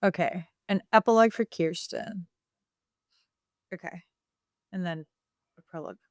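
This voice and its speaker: A woman's voice: lowish voice, measured pace, dry recording, clean studio sound. A woman co-hosting a podcast in casual chat, telling a made-up story playfully with lots of fillers. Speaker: podcast co-host.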